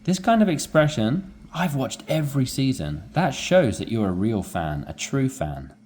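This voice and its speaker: A man's voice: mid-range voice, normal speed. A man teaching English, explaining a dialogue and acting out rising inflection. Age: adult with young children. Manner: animated, demonstrates rising inflection.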